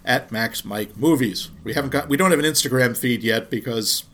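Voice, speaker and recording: A man's voice: mid-range voice, moderate pace, a bit bright. A man co-hosting a movie podcast in casual, joking chat. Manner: playful, jokey. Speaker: podcast co-host.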